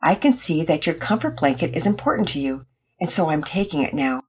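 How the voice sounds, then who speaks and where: A woman's voice: deep voice, very animated, brisk, darkish tone, breathy edge, full character voice. A woman voicing a patient but unbending mother in a children's story, coaxing and firm.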